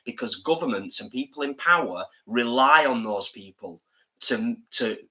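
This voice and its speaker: Northern english guy chatting on a home live stream, reading out comments, bright forward voice. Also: mid-range voice, expressive, moderate pace. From England. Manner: chatty, reads viewer comments aloud, earnest. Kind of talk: casual live-stream chat. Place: home, drinking beer.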